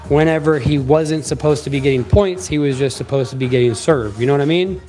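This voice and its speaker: Animated man telling a story, fairly high voice. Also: a little fast, soft background music. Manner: animated, emphatic, swears casually. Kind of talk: casual storytelling.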